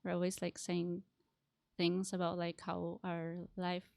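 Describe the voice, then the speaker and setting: A young woman from the Philippines, a guest on a casual podcast, speaking informally in halting phrases. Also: lowish voice, completely flat delivery, gravelly, a little mellow, no echo, clean studio sound. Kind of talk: casual panel discussion.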